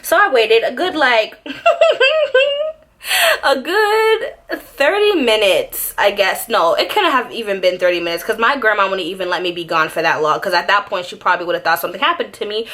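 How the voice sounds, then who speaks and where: A young woman telling a childhood story in a casual vlog, animated and dramatic, with many fillers. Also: mid-range voice, normal speed. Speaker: beauty YouTuber.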